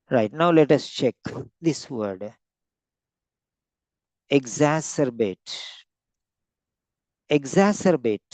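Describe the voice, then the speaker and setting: A man teaching vocabulary in an online lesson, slowly repeating and stretching out each word for emphasis. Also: mid-range voice, a little mellow, no room sound. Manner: slow, repeats words, stretches them out to stress them. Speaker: English teacher.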